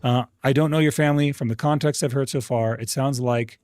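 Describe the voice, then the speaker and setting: A man's voice: medium pitch, steady tone, brisk, a little mellow, no room sound. A man streaming live, telling a family argument to his chat in a profane, indignant way. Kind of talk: casual storytelling to a live chat.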